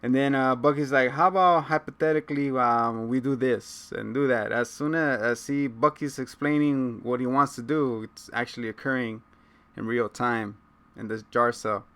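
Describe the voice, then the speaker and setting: A man's voice: mid-range voice, moderate pace, fairly bright tone, clean tone. A man co-hosting a casual recap chat, retelling scenes by acting out the characters' lines and laughing often. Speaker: podcast co-host.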